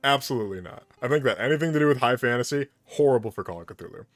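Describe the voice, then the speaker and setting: A man's voice: mid-range voice, lively intonation, racing, dry recording, soft background music. Opinionated man in dry casual chat. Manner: emphatic, opinionated, laughs often.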